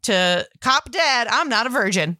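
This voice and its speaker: A woman co-hosting a casual movie podcast, retelling scenes in an animated, gushing way. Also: fairly high pitch, a little slow. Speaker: podcast co-host.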